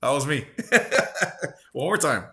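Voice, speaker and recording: A man's voice: on the low side, brisk, sharp tone. A man of forty hosting a gaming channel, rambling casually in a loose, profane, slangy way. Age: 40s.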